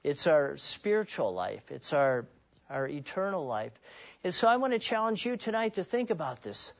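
Man, sermon, earnest, repeats himself, higher pitch, dull lo-fi audio. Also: very animated, normal speed, gravelly. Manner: earnest, repeats words when restarting. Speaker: preacher.

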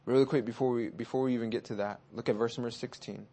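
A man preaching a sermon. He shifts between hushed and loud passages, urges his listeners on, and reads scripture slowly and deliberately. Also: medium pitch, fairly even intonation.

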